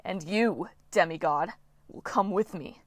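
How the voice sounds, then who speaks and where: A woman's voice: lowish voice, a little slow, no echo. A woman voicing a gloating storm spirit villain. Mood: menacing. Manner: gloating, menacing.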